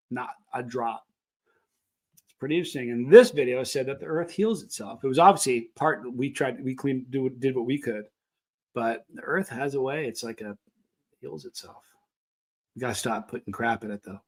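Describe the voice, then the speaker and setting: A man hosts a casual live stream and rambles from one story to the next. His voice sits a little high for a man. He greets viewers by name as he goes. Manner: rambling, animated, reads out viewer names. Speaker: livestream host.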